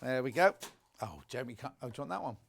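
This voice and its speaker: A man's voice: mid-range voice, animated, fast, creaky, a little hiss or hum. A man presenting a live home shopping broadcast, chatty and gushing, reading out viewer messages as he shows products.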